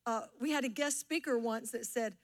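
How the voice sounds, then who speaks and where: A woman's voice: on the high side, moderate pace. A middle-aged woman pastor preaching a sermon, teaching and drawing responses from the congregation. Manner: warm teaching tone with audience call-and-response.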